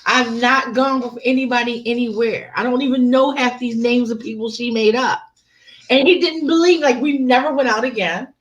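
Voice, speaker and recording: A woman telling personal stories in casual chat, animated and laughing often, swearing freely. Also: a little high.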